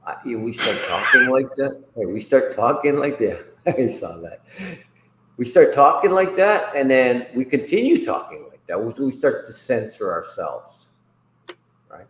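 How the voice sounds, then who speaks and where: A man's voice: on the low side, fairly bright tone, roomy sound, slight background noise, low-quality recording. A man hosting a casual livestream chat, rambling and profane, laughing often between remarks. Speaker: host.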